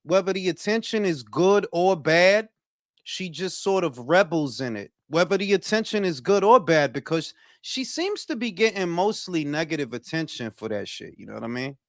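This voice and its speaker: A Detroit man with a local accent hosts a boxing talk livestream, ranting bluntly, profanely, and heatedly in casual commentary. His voice is a little high and animated, moving at a normal speed, recorded with studio quality and no echo.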